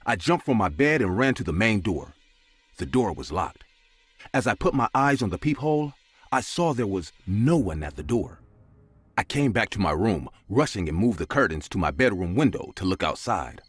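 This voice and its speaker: Husky, deep-voiced male story narrator. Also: sing-song, normal speed, faint music behind. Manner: dramatic, with big swings of pitch.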